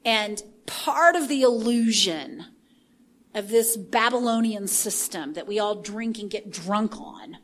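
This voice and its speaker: A woman preaching a sermon in an animated way, swinging from hushed asides to shouting. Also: medium pitch, slow.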